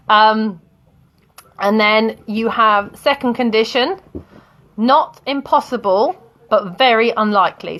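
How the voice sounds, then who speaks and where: A woman's voice: medium pitch, fairly bright tone. A woman teaching English grammar in a live online lesson, chatting with students and laughing often.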